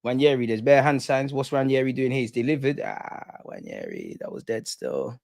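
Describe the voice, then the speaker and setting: A man's voice: mid-range voice, very animated, normal speed, creaky, darkish tone, no echo. A young man hosting a live football watch-along, reacting passionately with slang, banter and frequent swearing. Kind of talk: live match reaction commentary.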